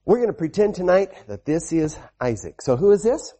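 A man preaching a children's sermon, telling a Bible story in an animated way, repeating lines and calling out amens. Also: sits high, brisk, slightly rough. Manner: animated, repetitive, with call-and-response amens.

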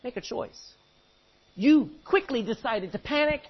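Male pastor, sermon, husky delivery, lively swings in pitch, muffled lo-fi sound. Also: a little slow. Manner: reads scripture then preaches with sudden loud outbursts. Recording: muffled lo-fi recording.

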